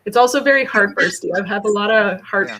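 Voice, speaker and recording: A woman's voice: medium pitch, fairly quick, a bit bright, slight background noise. A woman musing talkatively in a casual group chat.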